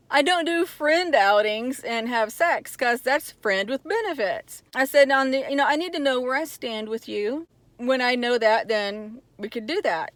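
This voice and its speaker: A woman's voice: a little high, fairly bright tone, no room sound. Heated candid woman vlogger, dry close sound. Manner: candid, gets heated and frustrated retelling. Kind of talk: personal storytime vlog.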